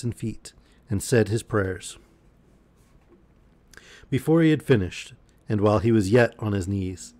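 A man reading a bedtime story aloud in a calm, measured way. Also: fairly low pitch, no room sound. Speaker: storyteller streamer.

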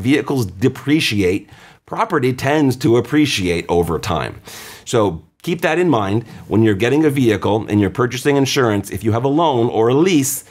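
A man hosting an insurance advice show, explaining coverage in a chatty, plainspoken way, acting out quick customer quotes and often restarting his sentences. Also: mid-range voice, a little mellow. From California. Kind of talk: casual explanatory radio talk.

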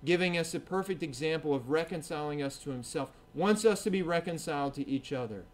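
A man preaching a sermon as pastor at a church service, earnest and swinging between emphatic and hushed delivery. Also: on the high side, brisk.

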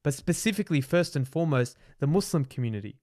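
A man's voice: a little high, expressive, quick pace, a little mellow. A middle-aged man with an Australian accent speaks as a podcast guest in a studio. His delivery is earnest and motivational, and he doubles words for emphasis. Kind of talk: casual podcast conversation.

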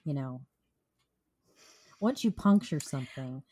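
A woman's voice: rumbling low, lively intonation, slow, mellow. A woman with a cold co-hosting a true crime podcast, reading case notes and adding dry jokes. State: has a cold. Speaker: podcast co-host. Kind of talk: casual true crime chat.

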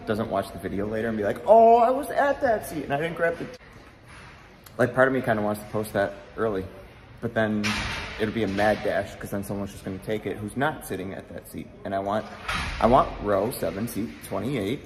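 A man on tour as a bassist, chatting straight to the camera in a casual travel vlog and poking fun at himself. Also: noisy background. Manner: chatty, self-mocking, talks straight to camera. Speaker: touring bassist.

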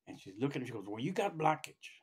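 A middle-aged man casually telling a personal story, rambling with restarts and acting out what others said by raising his pitch. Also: sing-song, fast talker, darkish tone, slightly rough. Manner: rambling, acts out quoted voices with raised pitch, many restarts. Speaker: storyteller recounting his own experience.

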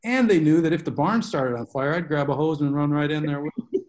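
Fairly high in pitch with a darkish tone, this man speaks fairly quickly as a guest author on a book club video call. He's a self-aware storyteller who rambles through long tales and wanders off on tangents.

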